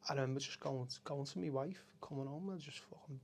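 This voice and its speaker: A middle-aged café owner from Liverpool, England, speaks candidly as a podcast guest, telling stories conversationally in a gravelly voice with vocal fry at an ordinary male pitch. He is raw, emotional and unguarded, swearing freely and halting to restart his thoughts. There is slight background noise.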